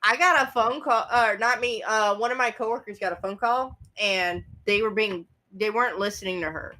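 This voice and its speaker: A woman's voice: mid-range voice, moderate pace, sharp tone. A woman co-hosting a casual podcast, telling a story animatedly and acting out the quotes. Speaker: podcast co-host.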